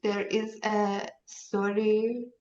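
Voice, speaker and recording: A woman leading a workshop, telling a story in halting with many fillers, heard over a video call. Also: mid-range voice, little pitch movement, darkish tone. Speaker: workshop leader. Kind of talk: casual storytelling. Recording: roomy, distant, dull sound.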